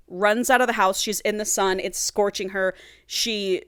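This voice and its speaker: Animated, swearing woman podcast host. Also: medium pitch, normal speed, clean tone, dry recording, clean studio sound. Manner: animated, swearing, acts out characters' lines. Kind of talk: casual chat retelling a book's plot.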